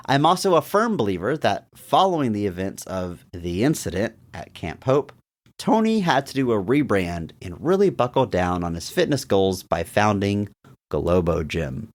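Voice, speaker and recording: This is a man co-hosting a movie podcast with a fairly low voice. He chats loosely about a film and slips into playful impressions of its lines. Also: normal speed. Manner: animated, acts out quotes from scenes. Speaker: podcast co-host. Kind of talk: casual movie discussion podcast.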